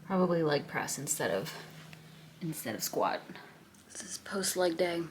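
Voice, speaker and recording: A woman's voice: lowish voice, a bit bright. A young adult woman talking casually to camera in a diary vlog, chatty, full of "like" fillers and small laughs. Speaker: vlogger.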